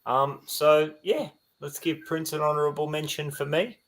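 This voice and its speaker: A man's voice: on the high side, moderate pace, a crowd in the background. A man co-hosting a casual music chat, polite and slightly hesitant. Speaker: music show co-host.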